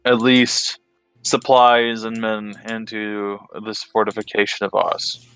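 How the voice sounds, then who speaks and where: A man narrating as game master, halting and thinking aloud as he explains a plan. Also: fairly low pitch, level tone, a bit bright, clear, resonant tone, dry recording, soft background music.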